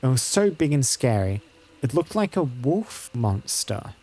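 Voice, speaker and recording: A man's voice: mid-range voice, sing-song, unhurried, mellow. A man doing an earnest little farm girl. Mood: earnest, scared. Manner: pleading, insistent.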